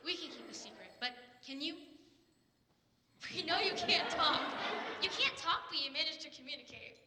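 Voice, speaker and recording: A woman playing a quick-witted court jester, playfully guessing at a charade on stage. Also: high-pitched, animated, noisy background. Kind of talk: stage musical acting. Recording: faint distant echoey hall recording.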